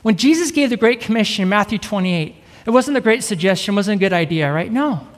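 A middle-aged man with a high voice, an evangelist giving an energetic sermon and keeping a live audience engaged. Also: fairly quick. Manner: upbeat, keeps asking the crowd "right?". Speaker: evangelist preacher. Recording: reverberant hall.

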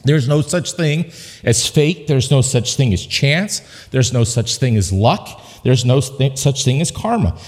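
A man's voice: medium pitch, animated, measured pace, a little mellow, big-room sound. A man preaching a sermon in a church, conversational and joking with the congregation, driving points home with emphatic repetition. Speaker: pastor. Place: church sanctuary.

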